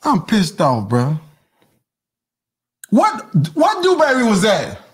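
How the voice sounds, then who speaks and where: A podcast host delivers a comic commentary rant in a husky, slightly breathy voice that sits high and swoops wildly in pitch. He's loud and profane, rushing his words even at a slow pace, and keeps slipping into mock voices and sing-song chants.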